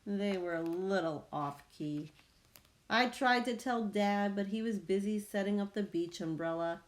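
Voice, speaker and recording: Langsam vorlesende Frau. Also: female voice, mid-range voice. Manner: slow, expressive storytelling. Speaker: reader. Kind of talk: reading a picture book aloud.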